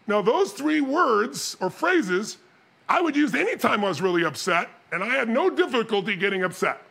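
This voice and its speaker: A man giving a motivational seminar talk, telling stories with animated energy and bursts of shouting. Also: very high-pitched, moderate pace, creaky, slightly rough. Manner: animated storytelling, shouting and mimicking others. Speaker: motivational speaker.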